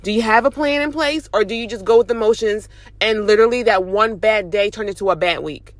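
A young woman and mom vlogger, driving while she gives an animated, chatty motivational talk. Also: medium pitch, a little fast, no echo. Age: young adult. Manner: animated, chatty, preachy encouragement. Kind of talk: casual motivational talk to camera. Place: in a car, driving.

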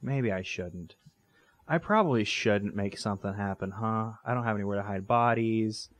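A man's voice: fairly low pitch, moderate pace, no echo. A man hosting a let's play, giving casual gameplay commentary that rambles, jokes and corrects itself as he goes. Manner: rambling, self-correcting, joking.

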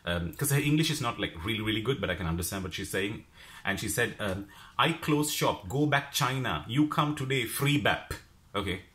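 Animated man telling a story. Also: sits low. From Sri Lanka. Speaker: vlogger. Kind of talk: casual storytelling vlog.

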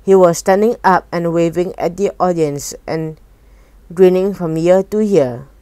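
Slow, low-voiced woman reading aloud. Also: mellow, smooth, dry recording. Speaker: reader. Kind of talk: reading a children's novel aloud.

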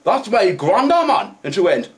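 A man's voice: high-pitched, sing-song, moderate pace. An actor playing a brash, boastful young Geordie chav man with a Geordie accent, telling crude rambling stories in a comic vlog. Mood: rambling story. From North East England. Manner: swaggering, crude, rambling storyteller. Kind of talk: comic character monologue.

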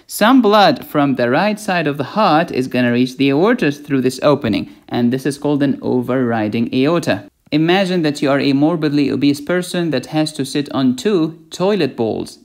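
A man's voice: fairly high pitch, expressive, normal speed, few pauses. A man giving a playful medical lecture, asking questions and answering them himself. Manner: playful, asks and answers his own questions.

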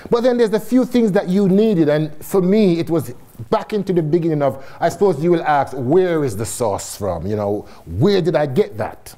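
A man from Jamaica telling his story to an audience, fairly high in pitch and swinging it widely. He sounds middle-aged, laughs often and drops the odd swear word. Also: moderate pace. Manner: animated and laughing, with casual swearing. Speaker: guest speaker. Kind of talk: storytelling talk to a live audience.

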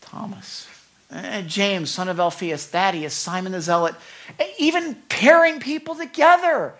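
A male pastor preaching with a bright, forward voice. He stammers and repeats words as he tells stories, slipping into quick casual impressions of the people he describes. It sounds like a live church sermon. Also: high voice. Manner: stammering, animated storytelling with voiced paraphrases. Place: church sanctuary.

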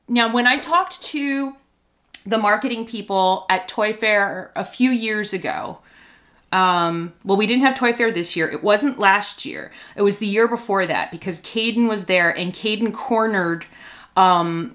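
A woman chatting casually as a doll-collecting vlogger, gushing and excitable as she handles her toys. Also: mid-range voice.

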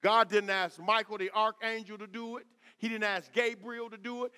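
High-voiced preacher in a church hall. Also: male voice, little pitch movement, moderate pace, clean tone. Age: middle-aged. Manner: call-and-response preaching, rising to shouts. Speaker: pastor. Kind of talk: sermon. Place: church sanctuary.

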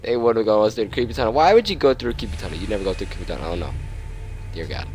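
A man's voice: on the low side, animated, rapid-fire, darkish tone, faint music behind. A man giving nervous let's play commentary on a horror game, jumpy, swearing and sometimes dropping to whispers. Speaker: gamer playing a horror game.

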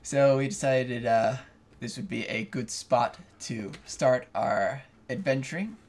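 A man's voice: medium pitch, a little slow, darkish tone. A man hosting a co-op gameplay video, chatting casually and laughing often. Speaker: let's play host.

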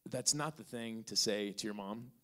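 A male podcast host with a fairly low voice speaks at a normal speed, answering an audience question before a live crowd. He tells a story with acted dialogue, playing both sides of the conversation in a relaxed way full of fillers.

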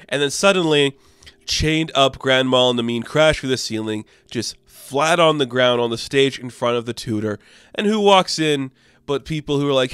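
A man's voice: medium pitch, lively intonation, moderate pace, a bit bright, smooth, no room sound. Casual, profane man recapping comics. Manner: loose and profane, full of "like", acts out characters in passing. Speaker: comic book reviewer.

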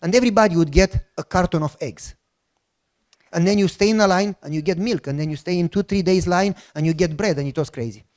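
A man with a Romanian accent telling a personal testimony as a sermon, acting out the dialogue and bursting into shouts. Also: sits high, fast. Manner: animated storytelling with acted-out dialogue and shouted outbursts. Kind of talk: sermon storytelling.

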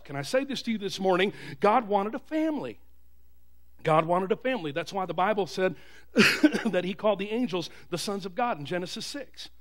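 Male pastor, high voice, call-and-response sermon with shouted peaks. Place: church.

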